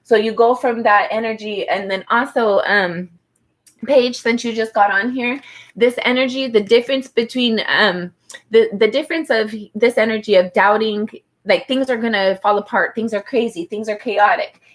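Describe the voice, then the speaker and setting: Speaking at a moderate pace with a fairly high pitch, this tarot reader chats warmly through a live-streamed reading. "Like" fills her sentences, and she calls out to viewers by name and zodiac sign.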